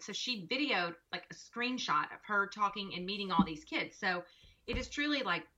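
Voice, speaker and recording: A woman co-hosting a casual chat, telling a lively story and acting out each voice in it. Her voice sounds bright and forceful. The recording is muffled and lo-fi. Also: mid-range voice, a little fast. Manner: expressive, acts out quoted dialogue. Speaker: podcast co-host and mother. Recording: dull lo-fi recording.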